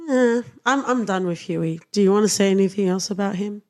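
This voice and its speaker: A woman's voice: mid-range voice, brisk, a little mellow. A woman co-hosting a podcast in casual chat, blunt and profane, often laughing. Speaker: podcast co-host.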